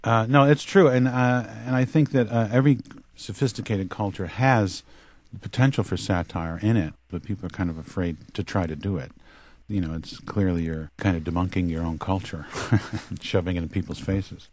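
A man's voice: sits low, normal speed, hardly any pauses, darkish tone, dry recording. A middle-aged male comedian giving a rambling, self-deprecating radio interview. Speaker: guest comedian.

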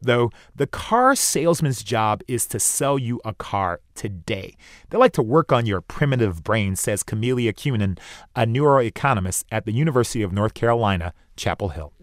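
A man's voice: on the low side, animated, moderate pace, dry recording, clean studio sound. A man in his forties narrating a radio feature as a reporter, wry and self-deprecating. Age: 40s.

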